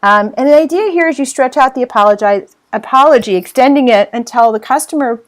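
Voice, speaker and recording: A woman delivers a training lecture with a slightly high voice. She talks emphatically, repeats words as she works through her points, and acts out the phrases she wants listeners to use. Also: a little fast. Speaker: customer service trainer.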